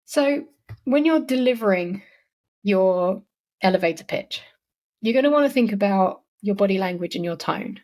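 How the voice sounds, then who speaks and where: A woman's voice: mid-range voice, animated, normal speed, a little mellow. A woman hosting a solo podcast, giving marketing advice in a chatty, encouraging way with frequent "like" and "you know". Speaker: podcast host.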